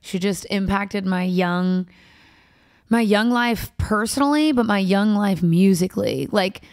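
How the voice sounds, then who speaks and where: A young woman from Kentucky talks in casual, bubbly bursts, gushing over her favorites. Her voice sits at an ordinary middle pitch. The sound is close and dry, with no room around it. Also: a little mellow, no echo. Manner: bubbly, gushing, quick to laugh. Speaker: guest singer-songwriter. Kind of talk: casual chat.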